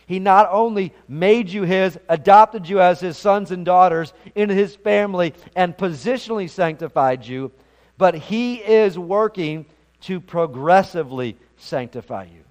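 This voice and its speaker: A man's voice: high voice, measured pace, a little mellow. A man preaching a sermon as pastor, earnest and emphatic, often repeating words as he goes.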